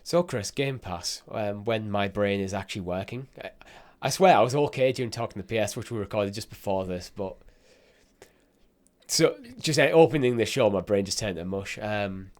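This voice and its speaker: A man hosting a casual gaming podcast, his voice croaky from a cold, rambling and tripping over his own intro. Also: fairly low pitch, normal speed. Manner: rambling, self-deprecating, stumbles over intros. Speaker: podcast host.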